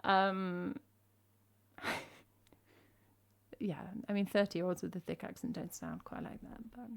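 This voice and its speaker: A woman's voice: on the low side, takes it slowly, gravelly. Chatty English woman streamer. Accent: English, drops T's. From England. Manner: chatty, self-mocking, rambling asides. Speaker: streamer and singer-songwriter. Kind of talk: casual chat on a music livestream.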